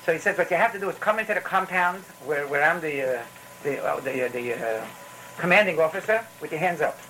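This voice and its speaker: A man's voice: a little high, expressive, brisk, bright, forceful tone, a little hiss or hum, low-quality recording. A man with giving a rambling, storytelling Torah talk, full of restarts and phrases. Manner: rambling, repetitive restarts, mixes in Yiddish phrases.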